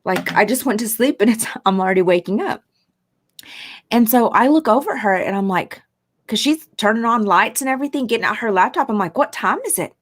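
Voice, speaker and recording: A woman co-hosting a casual chat, telling a story in an animated way and acting out the people in it. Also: brisk. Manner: animated, swings pitch when quoting people. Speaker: podcast co-host.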